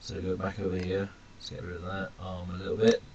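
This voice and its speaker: A man teaching a language lesson while drawing characters on screen, chatty and self-deprecating, calling his viewers ladies and gentlemen. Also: sits low, completely flat delivery, a little fast, lo-fi sound, slight background noise.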